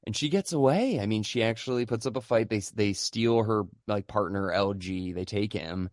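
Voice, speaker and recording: A man's voice: fairly low pitch, normal speed, no echo, clean studio sound. A man hosting a podcast, chatting casually about a film, laid-back, swearing freely and steering the talk along.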